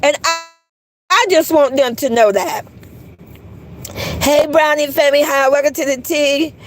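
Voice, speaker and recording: A woman's voice: high-pitched, a little slow, a little hiss or hum. A woman hosting a casual livestream, blunt and profane, greeting her chat. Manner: blunt, profane, laughing, reads chat aloud. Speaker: livestream host.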